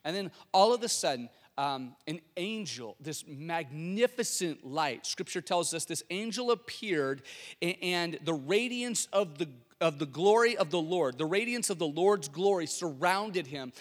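A man's voice: on the high side, animated, measured pace, long reverb tail. A male pastor preaching a sermon, telling the story animatedly with frequent restarts.

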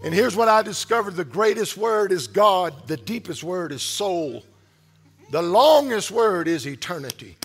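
High-voiced, gravelly preaching man. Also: lively intonation, measured pace, faint music behind. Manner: preaching with rising, shouted repetition. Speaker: pastor. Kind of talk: sermon.

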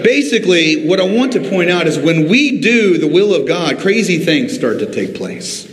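A man preaching a sermon as pastor, rising and slowing for drama, calling out to the congregation. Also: sits high, very animated, background noise. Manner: preaching with dramatic rises and drawn-out pauses. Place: church sanctuary. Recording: echoey church hall.

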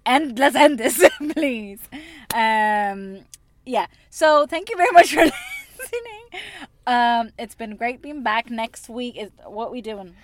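A woman's voice: on the high side, expressive, slow pace. A woman co-hosting a casual podcast, recorded in a parked car, who keeps breaking into laughter as she talks. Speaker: podcast co-host. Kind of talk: casual chat.

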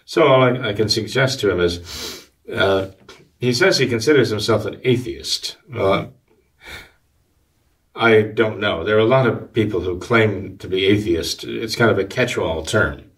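A man, a Catholic priest, answering listener questions in a measured, halting way with many fillers and restarts. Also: fairly low pitch, a bit bright, recorded from a distance. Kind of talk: conversational commentary.

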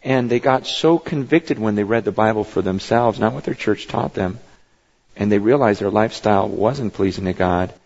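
A male pastor preaching a sermon in a church, talking casually with his congregation and climbing to high, emphatic peaks. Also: moderate pace, a little mellow. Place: church sanctuary. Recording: dull sound with long hall reverb.

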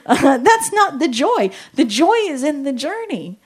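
A woman and parent giving a lively Christian talk on parenting, joking and acting out little quoted voices. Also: high voice, slow. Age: adult with children. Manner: animated, jokey, acts out quotes.

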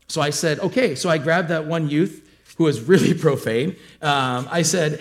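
A man's voice: fairly high pitch, moderate pace. Storytelling pastor, middle-aged man. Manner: conversational storytelling with asides and self-deprecating humor. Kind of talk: sermon.

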